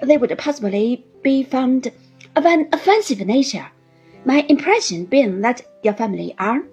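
A woman's voice: high voice, animated, moderate pace, a little mellow, slightly rough, muffled recording, soft background music, full character voice. A woman doing a pompous, flowery husband. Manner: grandiloquent, heated then relenting.

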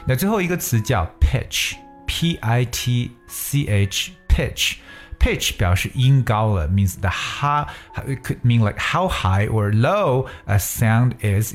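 A man teaching an English lesson, reading sentences aloud slowly, repeating and spelling words letter by letter, and stressing key words to show intonation. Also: on the low side.

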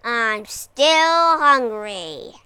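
A menacing, greedy scaly dragon from a storybook, snarling his demands in a low, gloating voice, as a woman reads him. He drags his words out very slowly. His tone swings widely between growls and outbursts. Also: very animated, pushed and bright, clear, resonant tone, no echo, exaggerated voice. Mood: demanding. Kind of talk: storybook reading.

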